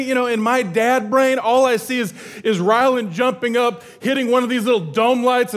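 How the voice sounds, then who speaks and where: A middle-aged man with a high-pitched voice preaches from a church stage. His sermon is casual and full of jokes. He keeps the energy up and stumbles into restarts as he talks. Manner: energetic and joking, with many restarts. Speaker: pastor.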